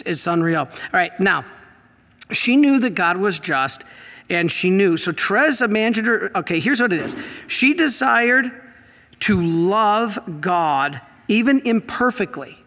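Animated bright-voiced male priest, hall reverb. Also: sits high. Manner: animated storyteller, acts out quoted voices; emotional, worked up. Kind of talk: teaching talk on faith.

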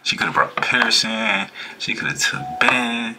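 A man's voice: on the low side, fairly even intonation, unhurried, sharp tone, a little hiss or hum. A man, chuckling and talking back at a video in casual reaction commentary. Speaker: reaction streamer.

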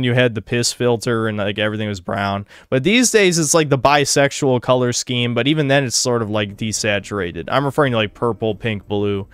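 A man's voice: medium pitch, a bit bright, clean tone, no echo, studio quality. A man hosting a casual podcast, ranting crudely with heavy swearing. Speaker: podcast host. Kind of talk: casual gaming podcast chat.

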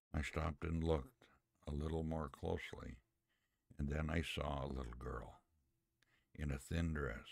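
A man retelling a Christian story on a podcast, slowly and earnestly, with quoted dialogue. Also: extremely low pitch, gravelly, dry recording, clean studio sound. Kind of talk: reading a Christian story aloud.

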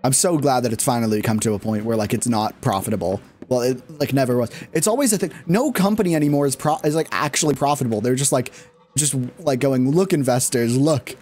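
A man's voice: mid-range voice, quick pace, darkish tone, a little hiss or hum. A man giving casual, rambling commentary while streaming a game, restarting his sentences and breaking into laughs.

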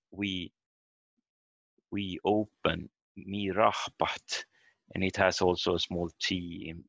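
A man teaching a language lesson over a video call, explaining slowly and haltingly and repeating example words aloud. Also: low voice, gravelly, fairly bright tone, dry recording. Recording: dull lo-fi video call audio.

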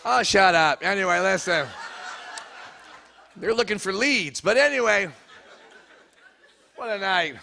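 A man's voice: sits high, lively intonation, measured pace, gravelly, long pauses, pushed and bright, slight background noise. A middle-aged man doing a stand-up comedy routine in a church hall, teasing the live audience between jokes. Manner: crowd work, teasing the audience.

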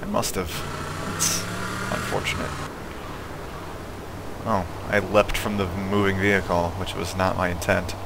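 A man's voice: low voice, unhurried, vocal fry, pauses often, noisy background. A man giving casual, joking commentary while playing a video game, laughing at his own mishaps. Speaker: let's play gamer.

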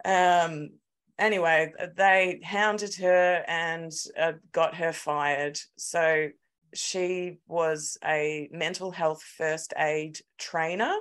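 Slow-talking sweary Australian woman. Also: low-pitched, smooth. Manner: sweary, animated storytelling. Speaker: podcast co-host. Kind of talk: casual chat.

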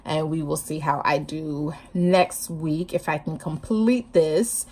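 A woman's voice: low-pitched, slow pace, dark tone, breathy edge. A woman vlogging casually to camera about her writing, hyper and chatty, laughing often, talking with her hands, a bit sleep-deprived.

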